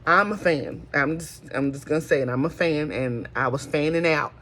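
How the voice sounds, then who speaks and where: A woman's voice: deep voice, normal speed, fairly bright tone, a little hiss or hum. A middle-aged woman, hosting a folksy casual chat and calling listeners honey. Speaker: host.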